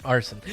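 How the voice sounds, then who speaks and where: A bubbly livestream host with a high-pitched, creaky voice chats casually with his live chat viewers from a basement apartment. He laughs often and makes halting restarts.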